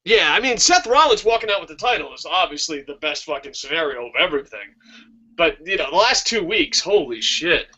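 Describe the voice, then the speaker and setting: A man's voice: on the high side, a little fast, husky. A man hosting a wrestling talk stream, ranting casually with lots of swearing. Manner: profane, ranting, excitable. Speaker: wrestling talk show host. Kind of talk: casual live-stream chat. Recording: dull lo-fi stream audio.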